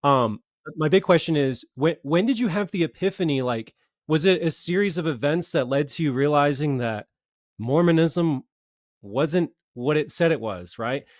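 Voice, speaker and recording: A man's voice: on the high side, expressive, normal speed, dry recording, studio quality. A man hosting a podcast, asking questions eagerly and reacting to the guest. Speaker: podcast host. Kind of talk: conversational interview.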